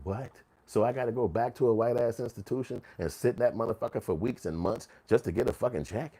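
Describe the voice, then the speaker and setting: A fired-up man in a raw, swearing commentary rant. His voice sits at an ordinary middle pitch, and he talks emphatically, now and then slipping into mocking impressions of other people. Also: fast, dark tone, breathy edge. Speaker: channel host.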